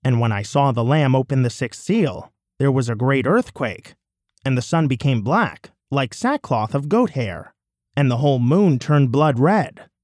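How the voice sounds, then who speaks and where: A man giving a measured, solemn, declamatory scripture reading. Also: mid-range voice, a little mellow, no echo, clean studio sound. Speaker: scripture reader.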